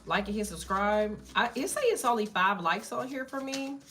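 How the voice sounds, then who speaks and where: A woman's voice: mid-range voice, normal speed, slight background noise. Blunt, profane tarot reader woman. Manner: blunt and profane, chatting to viewers; animated, jumps between cards and asides. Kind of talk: casual live tarot reading.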